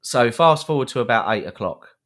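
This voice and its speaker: A man's voice: mid-range voice, lively intonation, fairly quick, fairly bright tone. A young man, a podcast co-host, telling a long anecdote with lots of fillers and acted-out quotes. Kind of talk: storytelling to a co-host.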